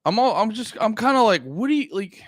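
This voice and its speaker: A man's voice: high-pitched, lively intonation, a little fast, dry recording, clean studio sound. A man in his thirties from the United States, hosting a casual livestream chat in a rambling, profane way with lots of fillers. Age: 30s. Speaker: livestream host.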